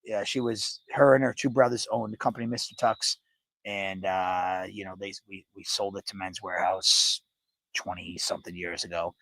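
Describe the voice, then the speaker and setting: A man in his forties telling a story on a casual panel show, animated and swearing freely. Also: low-pitched, normal speed, vocal fry, no room sound. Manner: animated, swears freely, acts out quoted voices.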